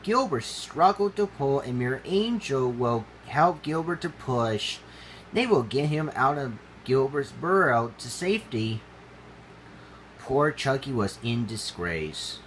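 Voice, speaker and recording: A man reading his own animal storybook aloud, halting and ungrammatical. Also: medium pitch, lively intonation, fairly bright tone, a little hiss or hum, low-quality recording.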